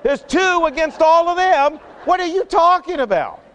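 A man voicing a panicky young male servant who shouts in disbelief, in a preached retelling. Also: expressive, normal speed. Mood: incredulous. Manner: shouting, squealing high. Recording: long hall reverb.

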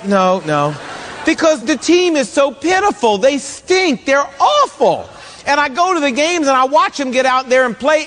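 A man's voice: very high-pitched, a bit bright. A man preaching a sermon as pastor, telling a funny story on himself in a loose, conversational way, heard in a church. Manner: humorous storytelling, conversational, self-mocking. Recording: long hall reverb.

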